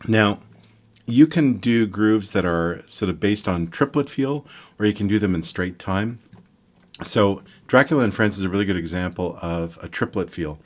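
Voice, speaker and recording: An older man from Montreal giving a relaxed, rambling online guitar lesson, counting beats and scatting rhythms aloud. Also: fairly low pitch, normal speed. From Montreal, Quebec, Canada. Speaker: guitar teacher.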